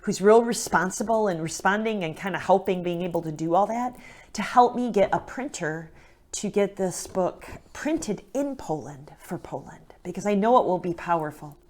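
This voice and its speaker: A woman's voice: on the low side, animated, normal speed, a little mellow. A woman telling a moving faith story in a casual, earnest way, with lots of fillers and asides, at times close to tears. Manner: earnest and emotional, many fillers and "right?". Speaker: guest speaker.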